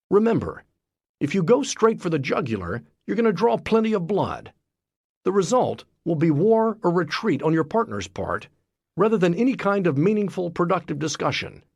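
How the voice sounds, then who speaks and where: A man reading a self-help book aloud as scripted narration, in a lively, expressive way. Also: a little high, vocal fry, husky, no echo, clean studio sound. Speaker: audiobook narrator.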